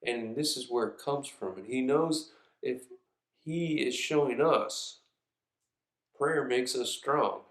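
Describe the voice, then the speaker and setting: A male preacher delivers a sermon in an earnest, reflective manner at an ordinary middle pitch. His voice rings with noticeable room echo, as if recorded in a church sanctuary. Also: slow. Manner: earnest and reflective, reads scripture aloud. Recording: echoey room.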